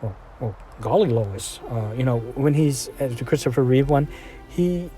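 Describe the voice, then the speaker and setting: A man's voice: mid-range voice, moderate pace, mellow, soft background music. Rambling man reviewing a film. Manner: rambling, full of fillers and restarts. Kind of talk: casual spoken film review.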